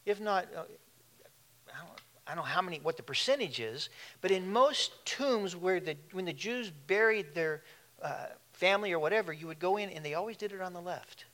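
A man's voice: sits high, lively intonation, moderate pace, a bit bright. A man preaching a sermon in a conversational way, with asides and questions to the congregation. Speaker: pastor.

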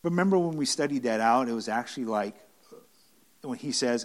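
A man's voice: medium pitch, expressive, a little fast. A man preaching a conversational Bible-study sermon to a room of listeners, earnest and emphatic, often restarting and repeating phrases. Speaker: pastor teaching a Bible study.

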